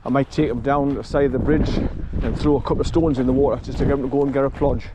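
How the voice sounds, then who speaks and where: A man's voice: mid-range voice, fairly even intonation, fast talker. An older man chatting casually while walking his dog outdoors. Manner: chatty, laughs often, coos at his dog. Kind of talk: casual outdoor vlog chat. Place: outdoors by a river road in wind. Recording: wind noise outdoors.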